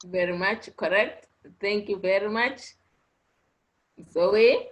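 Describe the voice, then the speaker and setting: A woman's voice: medium pitch, takes it slowly, poor audio. A woman teaching an online class, patiently repeating points and checking understanding with frequent "okay?" prompts. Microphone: online video class audio.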